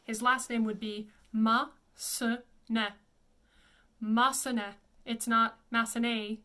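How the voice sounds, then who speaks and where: A woman voice coach giving a pronunciation lesson. She says each name slowly and repeats it several times. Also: a little high, little pitch movement, pushed and bright. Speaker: classical voice coach.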